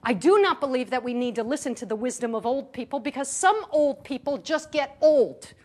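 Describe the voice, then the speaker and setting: A woman's voice: high voice, lively intonation, a little fast, background noise. A woman giving a sermon to a live gathering, emphatic, with rhetorical questions, repetition and jokes between her points. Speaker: spiritual teacher. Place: meeting room in New York.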